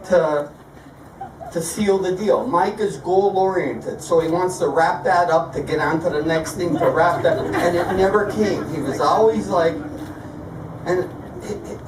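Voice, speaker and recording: A man's voice: high voice, unhurried, noisy background. An older man giving a best man's toast at a wedding reception, telling folksy family stories. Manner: folksy storytelling. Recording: roomy hall, far from the mic, crowd. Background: guests laughing and chatting.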